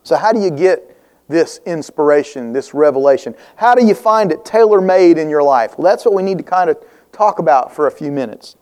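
A man preaching a sermon as pastor, quoting scripture with rising emphasis and rhetorical questions, and dropping to a soft, slow tone when he turns personal. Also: fairly high pitch, lively intonation, smooth. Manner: drops to soft, slow reflection in personal parts.

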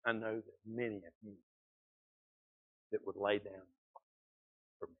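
A man's voice: lowish voice, flat delivery, a little slow, long pauses, breathy edge, no room sound. A man from South Georgia with a Southern accent, preaching a sermon as pastor and building to emphatic repetition. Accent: Southern American (Georgia). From South Georgia, USA. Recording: dull lo-fi sound.

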